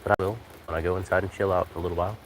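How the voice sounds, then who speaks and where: A man chatting casually on a live stream from a porch, talking to his cats and his viewers in a relaxed, rambling way. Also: sits low, rapid-fire, low-quality recording. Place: outdoors on a porch in the rain. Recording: rain noise outdoors. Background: rain.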